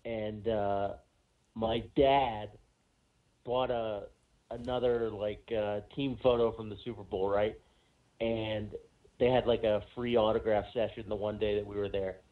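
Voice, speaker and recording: A man's voice: on the low side, fairly even intonation, a little slow. A man co-hosting a sports podcast, telling a rambling story with lots of fillers in casual chat. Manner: rambling anecdote with many fillers. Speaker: podcast co-host. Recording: phone-like narrow sound.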